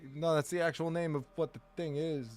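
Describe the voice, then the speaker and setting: Over music, a man talks fast in a slightly high voice with a steady tone. He is rambling casually on a live stream, frequently correcting himself and trading jokes with his chat.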